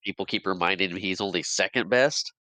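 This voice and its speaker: A man's voice: low-pitched, fairly quick, bright, forceful tone, dry recording. A man co-hosting a movie podcast who laughs often and playfully disagrees. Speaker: podcast co-host. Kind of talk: casual movie chat.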